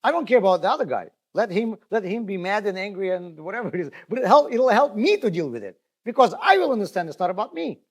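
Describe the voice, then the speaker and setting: A rabbi teaching a group, his voice sitting high for a man and swinging widely up and down. He talks to his listeners directly, tells stories and often restarts his phrases. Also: quick pace, hardly any pauses. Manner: animated, storytelling, repeats and restarts words, addresses listeners directly. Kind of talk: spoken Torah lesson.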